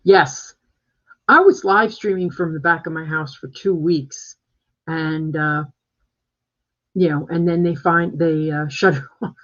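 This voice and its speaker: A man's voice: fairly high pitch, steady tone, a little slow, pauses often, fairly bright tone. A man working as a real estate agent, chatting casually on a live stream from home and rambling with plenty of fillers and restarts. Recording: dull lo-fi live-stream audio.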